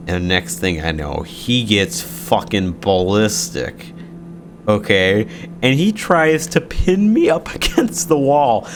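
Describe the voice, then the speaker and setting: A man's voice: lowish voice, expressive, takes it slowly, a little hiss or hum. A young man casually telling a story from his school days, sarcastic, swearing freely and laughing often.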